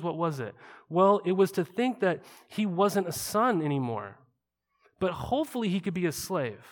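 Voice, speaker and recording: A pastor with a fairly bright, higher-pitched voice preaches a sermon conversationally in a large hall. He often poses rhetorical questions to his listeners.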